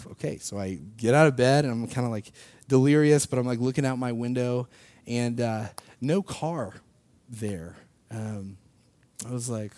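A young man telling a personal faith story in a casual, animated way, laughing often and acting out what people said. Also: medium pitch, no echo. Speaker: speaker sharing a personal testimony.

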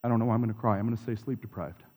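A reflective pastor preaches in a reverberant hall, his mid-range voice flat, racing, a little mellow, with a breathy edge. Confessional in tone, he builds through repeated phrases against the long reverb of the large space.

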